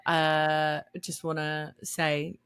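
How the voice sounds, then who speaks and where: A woman's voice: deep voice, completely flat delivery, extremely slow, a bit bright, smooth. A woman co-hosting a podcast, telling stories in a casual, chatty way and laughing often. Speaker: podcast co-host. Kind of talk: casual chat.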